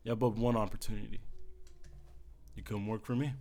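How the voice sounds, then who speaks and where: A man voicing a proud, short half-elf broker who is cold and measured. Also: fairly low pitch, level tone, creaky, a little mellow. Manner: measured and haughty.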